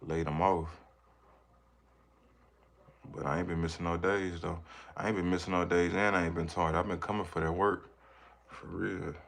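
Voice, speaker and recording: A man's voice: deep voice, level tone, normal speed, vocal fry, pauses often, fairly bright tone. A man, a parent, chatting casually on a livestream, rambling and reacting to viewers' comments. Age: adult with children. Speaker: livestreamer reading chat. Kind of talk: casual live chat.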